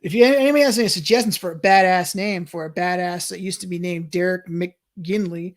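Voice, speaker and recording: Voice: medium pitch, fairly quick. A young adult streamer in casual let's-play commentary, thinking aloud and chuckling, with frequent restarts while reading chat. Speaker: streamer playing a wrestling management game.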